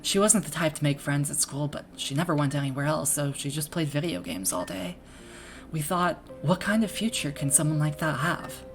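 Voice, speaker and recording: A woman's voice: low voice, normal speed, soft background music. A woman reading the lines of a chatty small-town parent in a video game, in a put-on Minnesota accent that drifts into Irish. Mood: gossipy, fretful. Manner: folksy, gossipy, talkative. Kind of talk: reading game dialogue aloud.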